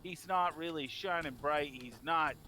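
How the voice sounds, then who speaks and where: A man giving eager play-by-play commentary on a video game race, rising in excitement at each crash. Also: a little high, unhurried, over music.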